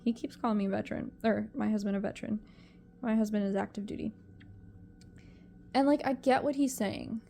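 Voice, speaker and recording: Emotional young woman, soft dark tone. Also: medium pitch, fairly even intonation, fairly quick, vocal fry, long pauses. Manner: emotional, rambling, repeats herself. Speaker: vlogger. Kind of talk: personal vlog talking to camera.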